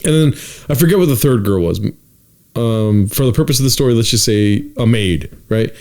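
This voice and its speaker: Speaking at normal speed with a medium-pitched voice, a young man co-hosts a podcast and relates a lengthy tale in easygoing talk. He's a lively storyteller who mimics the characters' quotes and swears casually throughout.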